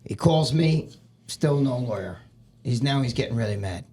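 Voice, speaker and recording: A man's voice: mid-range voice, moderate pace. A man guest on a podcast, telling a story casually and with swearing, acting out what other people said. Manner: profane, animated, acts out other people's lines.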